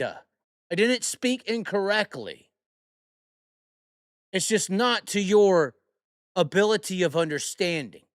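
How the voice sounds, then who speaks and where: A man's voice: high voice, fairly bright tone, dry recording, studio quality. A man hosting a podcast, telling a rambling, profane and heated story in casual talk. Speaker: host.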